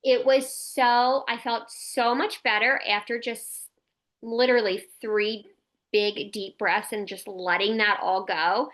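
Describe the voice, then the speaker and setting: A woman's voice: on the high side, fairly even intonation, takes it slowly, a bit bright. A woman in her thirties hosting a podcast, talking candidly and casually, with lots of "like" and the odd swear. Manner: candid, chatty, peppered with "like" and mild swearing. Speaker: podcast host.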